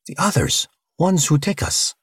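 A man's voice: on the high side, sing-song, unhurried, slightly rough, no room sound, clean studio sound, pitched above the performer's own voice, heavily acted. A man voicing a large, earnest blue alien cellmate who talks in broken, simple grammar.

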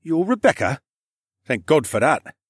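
A man's voice: on the high side, sing-song, measured pace, slightly rough, dry recording, pitched above the performer's own voice, heavily acted. A polite middle-aged man speaks in a flustered way, as a male narrator voices him. The voice sits a bit above the narrator's own. It stays close and dry. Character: bewildered, well-groomed middle-aged man. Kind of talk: audiobook narration.

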